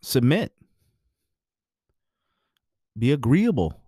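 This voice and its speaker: A man's voice: mid-range voice, very animated, very slow, warm tone, husky, no room sound. Man ranting bluntly, swears a lot, preachy, dry close sound. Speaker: married man giving relationship views. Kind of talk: casual monologue.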